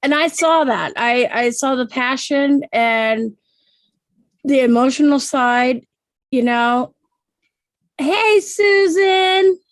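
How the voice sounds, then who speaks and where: A woman's voice: on the high side, takes it slowly, dry recording. A woman from Oregon hosting a casual livestream chat, talking in loose restarts and laughing often. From Oregon, USA. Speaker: livestream host.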